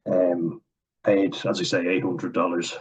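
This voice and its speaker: A man's voice: low voice, little pitch movement, unhurried, slightly rough, low-quality recording. An Irish man giving a heated, blunt vlog rant at home, swearing often. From Ireland. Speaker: commentator. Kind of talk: ranting vlog commentary. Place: at home, indoors.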